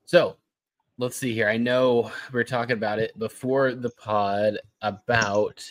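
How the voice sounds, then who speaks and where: A man's voice: lowish voice, steady tone, a little slow, dry recording, low-quality recording. A young man co-hosting a casual podcast, laid-back and slangy, running through the news. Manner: laid-back, says dude and bro. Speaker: podcast co-host. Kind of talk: casual chat, reading news.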